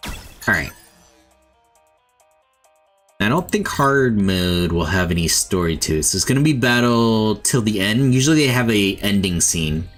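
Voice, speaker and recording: A man chats casually through a game stream, thinking aloud as he goes. His voice is slightly husky and slow, rising and falling in pitch. Soft music runs faintly behind him.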